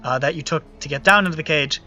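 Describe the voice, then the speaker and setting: A man's voice: a little high, fast, sharp tone, faint music behind. A man running a tabletop game as game master, narrating loosely and joking with the players. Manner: loose, joking, with many uh fillers.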